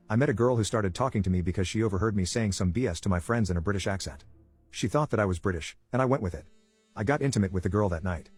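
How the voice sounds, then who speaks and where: A man's voice: fairly low pitch, darkish tone, slightly rough, no room sound. A man reading a funny first-person story aloud as scripted narration, matter-of-fact.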